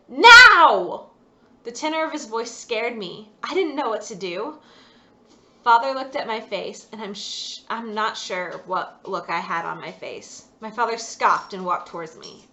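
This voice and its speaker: A woman author reading her own chapter aloud in an expressive storybook narration. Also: medium pitch. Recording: dull lo-fi recording.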